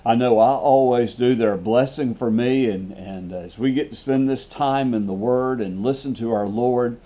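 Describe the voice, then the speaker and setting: A man giving a devotional sermon and prayer as a pastor, speaking in an earnest, measured way and repeating phrases for emphasis. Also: mid-range voice, dark tone, highs cut off.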